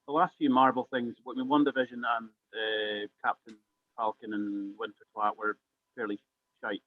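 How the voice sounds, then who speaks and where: A Scottish man chatting casually as podcast co-host, making quick, wry remarks. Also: fairly low pitch, flat delivery, narrow, tinny audio. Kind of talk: casual chat.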